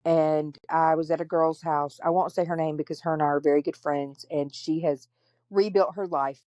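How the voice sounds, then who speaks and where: A woman's voice: deep voice, fairly even intonation, normal speed, a little mellow, no room sound. A woman hosting a podcast, telling her story candidly and bluntly, with plenty of profanity. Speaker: podcast host. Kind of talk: casual storytelling chat.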